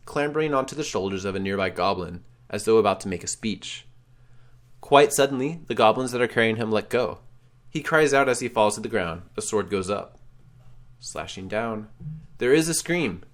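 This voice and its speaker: A man reading a text adventure game aloud with drama, calling out his choices. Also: fairly low pitch. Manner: dramatic, shouts choices out loud. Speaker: game streamer.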